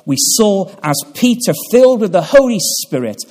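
A man preaching a sermon in a chapel, measured and pausing, building to emphatic peaks. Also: high voice, big pitch swings, darkish tone. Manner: measured delivery with pauses and fillers, swelling for emphasis.

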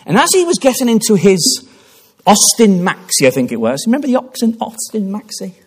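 A man's voice: high voice, very animated, brisk, slightly rough. A man preaching a sermon in church, telling a story with passion and frequent restarts. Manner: impassioned storytelling with repeated restarts.

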